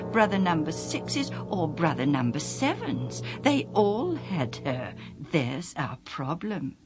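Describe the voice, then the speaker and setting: A woman's voice: mid-range voice, pitched above the performer's own voice, natural voice. A woman voicing a male Sadducee spokesman who poses a trick question in a mock-solemn storybook manner. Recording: music playing underneath.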